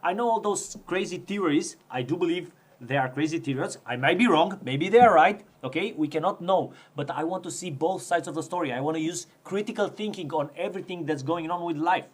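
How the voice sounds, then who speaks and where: Brief: interviewer, male, high husky voice, calm counterpoints. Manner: measured, pushing back, hesitant restarts. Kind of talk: conversational interview.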